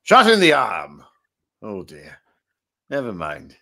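A man's voice: medium pitch, huge pitch swings, slow, gravelly, pushed and bright, heavily acted. A man doing a jovial old dead game-show host. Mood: chummy. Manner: chummy, rambling, self-mocking banter. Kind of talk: comic improvised game show.

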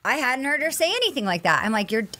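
A woman's voice: high voice, sing-song, quick pace, bright, forceful tone. A woman co-hosting a casual podcast, recapping a reality-show episode. She sounds indignant and fired up, and she acts out the lines of the people she quotes. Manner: heated, indignant retelling with quoted dialogue. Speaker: podcast co-host.

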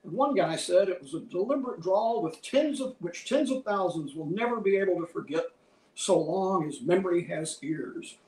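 Man, lecture, measured scholarly delivery, slightly high voice, roomy hall, distant mic. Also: expressive, darkish tone. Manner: measured, scholarly, lists many quotations. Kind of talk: museum lecture.

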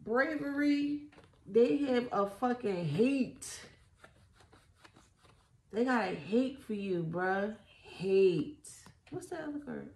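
A woman's voice: a little high, expressive, slow pace, darkish tone. A woman giving a casual tarot reading, blunt and profane, mocking and laughing often. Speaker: tarot reader. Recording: echoey room.

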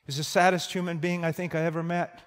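Male preacher, high-voiced, storytelling sermon that swings from hushed to shouting, reverberant church hall. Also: flat delivery, quick pace.

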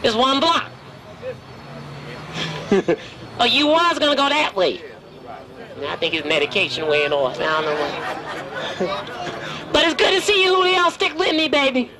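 Over the hum of a street crowd, a man voices a ventriloquist's dummy, a cheeky and streetwise wooden character who brashly flirts and wisecracks at passersby on a busy city street. It's a full character voice, very high with wildly swooping pitch, at normal speed with long pauses.

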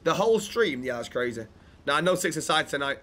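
Guy streaming gta rp, kinda high voice, laid-back chat with his viewers. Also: expressive, a little fast, fairly bright tone. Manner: laid-back, chats with viewers, thanks subscribers. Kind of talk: casual gaming chat and roleplay.

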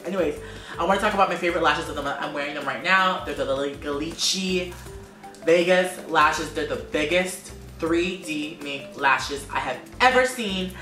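A man's voice: fairly high pitch, moderate pace, bright, forceful tone, recorded from a distance. A man talking casually about makeup favorites in a vlog, gushing and repeating words for emphasis. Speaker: makeup vlogger. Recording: roomy echo, off-mic, music behind.

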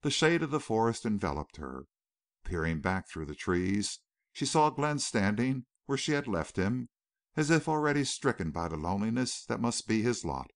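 Male audiobook narrator, lowish voice, very lively intonation, dry close recording. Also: normal speed, no echo. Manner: dramatic, expressive novel reading. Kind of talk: scripted narration.

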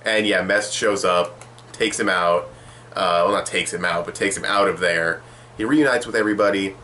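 Young man, low voice, bright edge, rambling, sarcastic, casual review. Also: moderate pace, a little hiss or hum. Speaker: manga reviewer.

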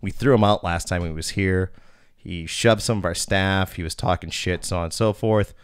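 A man's voice: low voice, normal speed, clear, resonant tone, no echo, studio quality. Blunt, profane man telling bar stories. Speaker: podcast host and bouncer. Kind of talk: casual storytelling chat.

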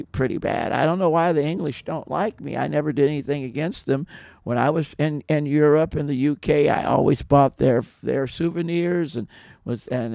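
A man with a gravelly, creaky voice pitched a little high, telling rambling stories full of restarts. He is recorded close and dry, with no room sound. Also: a little mellow, no room sound. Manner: rambling, repetitive storytelling with many restarts. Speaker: podcast subject telling stories. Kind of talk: casual rambling monologue.

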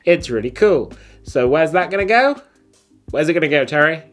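A man's voice: a little high, animated, moderate pace, fairly bright tone, soft background music. A man hosting a casual watch ranking video, who talks in blunt, slangy, enthusiastic bursts with plenty of fillers. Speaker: host.

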